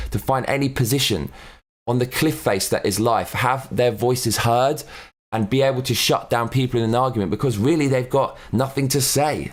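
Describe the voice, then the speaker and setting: A man hosting an opinionated commentary show, blunt and sweary as he rants. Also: medium pitch. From England. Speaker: host.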